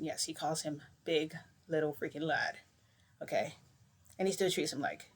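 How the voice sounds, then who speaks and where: A woman's voice: sits low, moderate pace, pushed and bright. A woman vlogger telling a long story in a casual, rambling way, full of filler words.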